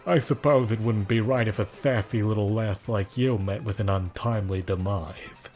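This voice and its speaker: A man voicing a pompous, scheming male villain commander who bosses and sneers in drawn-out threats. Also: fairly low pitch, a little mellow, soft background music, lightly acted. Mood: menacing.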